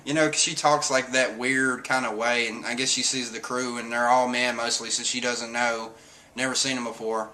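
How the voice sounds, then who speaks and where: A man streaming casual talk, animated, cursing now and then. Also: mid-range voice, moderate pace, slight background noise. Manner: animated, swears, acts out quotes. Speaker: streamer reviewing a comic chapter. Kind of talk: casual chat.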